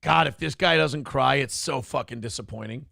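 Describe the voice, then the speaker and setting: Crude, mocking gravel-voiced man host. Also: mid-range voice, moderate pace, over music. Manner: loud, profane, mocking, shouts at times. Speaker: morning show host. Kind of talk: crude comedic commentary on a clip.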